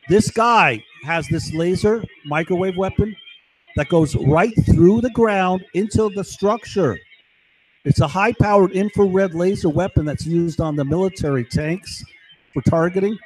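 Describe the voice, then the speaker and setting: A man's voice: sits high, measured pace, breathy edge, rough recording. A man delivering an agitated, profane monologue full of accusations. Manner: ranting, profane, accusatory outbursts.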